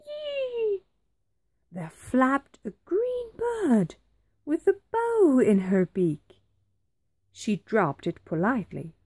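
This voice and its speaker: A woman reading a rhyming picture book aloud to children, like a teacher. She takes it very slowly, line by line, with clear, careful phrasing. Her pitch rises and falls widely to bring the story alive. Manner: very slow, expressive, clearly phrased.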